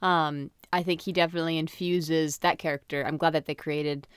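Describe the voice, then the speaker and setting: A woman's voice: low voice, fairly even intonation, brisk, smooth, dry recording, studio quality. A woman co-hosting a podcast, chatting casually with many short reactions. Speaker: podcast co-host. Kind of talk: casual chat.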